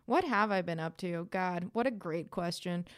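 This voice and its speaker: A woman's voice: on the low side, normal speed, no room sound, clean studio sound. A young woman stand-up comic co-hosting a podcast, teasing and joking profanely in casual chat.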